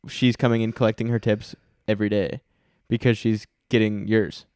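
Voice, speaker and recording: A man's voice: lowish voice, flat delivery, moderate pace, a little mellow, clear, resonant tone, dry recording, clean studio sound. A young man co-hosting a podcast, rambling through a story with many fillers. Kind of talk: casual chat.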